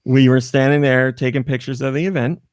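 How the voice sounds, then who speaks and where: A man's voice: medium pitch, level tone, a little fast, dry recording, clean studio sound. An American man hosting a podcast, telling a story in casual chat, acting out the voices in it and laughing often. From United States. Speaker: podcast host.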